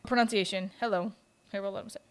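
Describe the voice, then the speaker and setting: A woman's voice: medium pitch, fairly even intonation, fast. A woman in her twenties hosting a podcast, telling personal stories in a blunt, profane and laughing way. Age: 20s. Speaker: podcast host. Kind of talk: casual storytelling chat.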